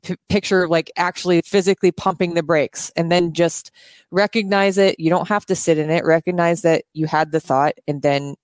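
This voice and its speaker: A woman's voice: on the low side, fairly even intonation, normal speed, a little mellow, no echo. A woman co-hosting a podcast in casual chat, earnest and rambling, often losing words and restarting, recorded indoors at her house. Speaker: podcast co-host.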